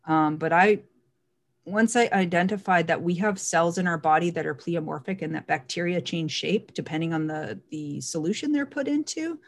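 A woman speaking in a casual monologue, emphatic and animated, often repeating words for stress. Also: fairly low pitch, moderate pace.

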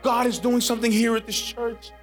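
Guest preacher, male, high-pitched, dynamic sermon delivery, faint music bed. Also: little pitch movement, brisk. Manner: preaching with big swings from hushed to shouted; casual, conversational with playful voiced asides.

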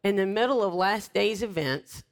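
A woman's voice: mid-range voice, normal speed. Fervent woman preacher. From Florida, United States. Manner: emphatic, fervent, with wry humor. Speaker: guest preacher. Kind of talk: preaching in a talk show interview.

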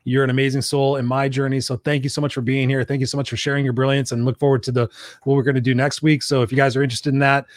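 A man's voice: medium pitch, little pitch movement, racing, no echo, studio quality. A man hosting a live talk show, enthusiastic and effusive, reading out viewer comments and swearing casually. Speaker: podcast host.

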